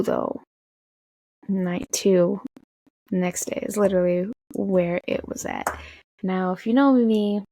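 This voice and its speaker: A young woman from the Tacoma area telling an animated storytime, swearing and acting out quotes. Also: mid-range voice, creaky, no echo. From Tacoma area, USA. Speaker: vlogger. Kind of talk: casual storytime.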